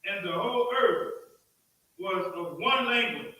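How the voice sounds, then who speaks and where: A man's voice: high voice, lively intonation, a little slow, bright, forceful tone. A man reading Bible verses aloud on cue. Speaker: scripture reader. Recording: very echoey, from far off.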